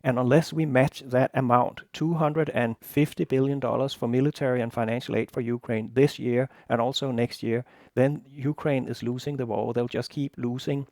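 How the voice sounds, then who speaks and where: Male vlogger, gravelly, insistent and argumentative, dry recording. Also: medium pitch, a little mellow, no echo. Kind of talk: opinionated news commentary vlog.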